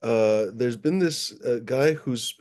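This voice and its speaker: A man hosting a livestream in a loose, rambling way, with frequent swearing and plenty of uhs. His voice is mellow and dark, at a medium pitch for a man. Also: takes it slowly. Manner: rambling, profane, with many fillers. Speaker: livestream host. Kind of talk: casual livestream chat.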